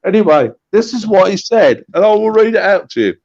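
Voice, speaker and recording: A man swapping old anecdotes in a casual chat, animated and full of restarts. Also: high-pitched, a little fast, hardly any pauses, dull audio. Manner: animated storytelling with repeated restarts. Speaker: guest storyteller.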